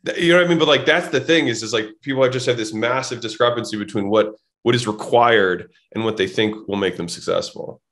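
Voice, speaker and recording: A man's voice: mid-range voice, fairly quick, hardly any pauses, fairly bright tone. A man guest on a podcast telling blunt, casual stories, swearing freely and acting out both sides of conversations. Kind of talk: casual storytelling.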